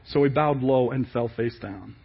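A male pastor preaching a sermon in an animated way, asking many rhetorical questions. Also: mid-range voice, normal speed, vocal fry, slightly rough, dull audio.

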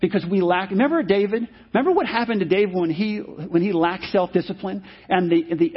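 A man's voice: high voice, brisk, slightly rough. A male pastor preaching a sermon, emphatic and repeating his key phrases. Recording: dull lo-fi sermon recording.

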